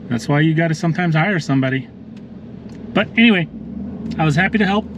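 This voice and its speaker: A man's voice: a little high, expressive, fast talker, background noise. A man chatting casually as a lawn care vlogger, telling stories to his viewers outdoors. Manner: chatty, storytelling, addresses viewers as ninjas. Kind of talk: casual vlog narration. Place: outdoors at a yard.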